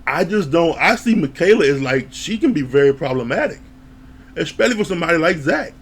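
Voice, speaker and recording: Rambling male reviewer with a slightly high voice and an easy, chatty manner. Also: lively intonation, fairly quick, a little hiss or hum. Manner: rambling and chatty, with frequent laughs. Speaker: TV show reviewer. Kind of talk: casual episode recap.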